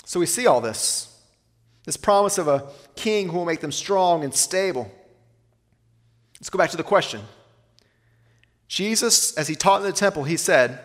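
A man preaching a sermon, asking rhetorical questions and slowing down to read scripture aloud. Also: high voice, lively intonation, a bit bright, big-room sound. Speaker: pastor.

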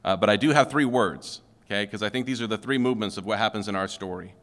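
A man's voice: lowish voice, quick pace, fairly bright tone. A male pastor preaching a sermon in a conversational way, often checking in with "okay?" and putting questions to the room. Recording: long hall reverb.

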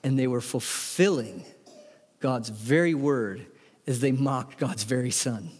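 A man's voice: mid-range voice, slow, a little mellow, slightly rough. Man preaching, voice ringing through a hall. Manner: emphatic preaching, reading scripture aloud. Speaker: pastor. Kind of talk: sermon.

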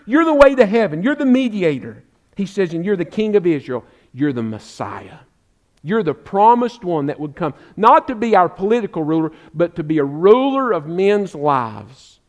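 A man preaching a sermon as pastor, fervently repeating words for emphasis and addressing listeners as friend, then easing into relaxed storytelling with fillers. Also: sits high.

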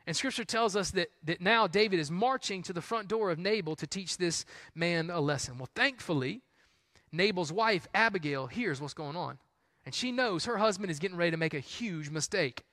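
A man's voice: high voice, expressive, normal speed, pushed and bright, no echo. A man preaching a sermon in a casual, conversational way, peppered with "like" and "man". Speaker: pastor.

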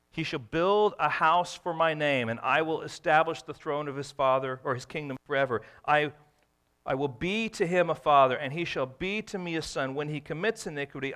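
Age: adult. Sex: man. Style: sermon, bright, tense voice. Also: fairly high pitch. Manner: slow emphatic repetition of key phrases; explains scripture verse by verse to a congregation. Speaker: pastor.

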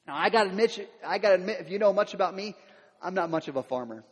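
A middle-aged male pastor preaching in a church, his voice high for a man. He talks in a loose, conversational way, restarting and repeating words, then rises to loud, emphatic peaks. The sound carries a long reverb from the large room. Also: expressive, fast talker, husky. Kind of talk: sermon. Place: church sanctuary.

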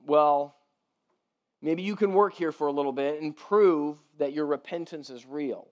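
A man preaching a sermon in a loose, conversational way, often asking "right?" and softening his voice when he voices the father. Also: fairly high pitch, a little slow. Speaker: pastor.

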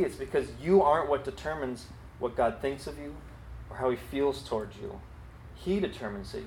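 A man preaching a sermon in a conversational, earnest way, with quick asides. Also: mid-range voice. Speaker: pastor. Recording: echoey hall, faint background noise.

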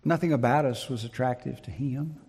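A man preaching a sermon in an emphatic, deliberate way, repeating his key phrases, with a gravelly, husky voice. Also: mid-range voice, a little mellow. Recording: long reverb of a large hall.

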